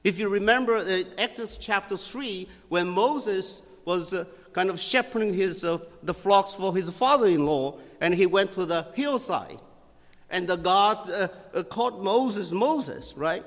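A man teaching scripture in sermon style, halting with many fillers and repeating key phrases for emphasis. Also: high-pitched, fairly bright tone, big-room sound.

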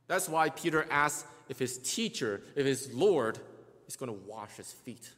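A man's voice: mid-range voice, animated, unhurried, fairly bright tone. A man preaching a sermon, explaining scripture step by step, often restarting words and acting out the quotes he reads. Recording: long hall reverb.

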